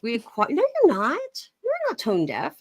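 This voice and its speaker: A woman's voice: a little high, huge pitch swings, normal speed, breathy edge, no echo. A young woman chatting casually on her live stream, reading chat messages aloud and laughing often.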